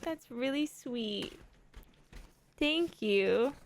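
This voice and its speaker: Young woman, casual streamer chatter, excitable, slightly high and very animated. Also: very slow, creaky. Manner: chatty and excitable, gushing with gasps and laughs. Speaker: live streamer and mother of a toddler. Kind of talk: casual chat.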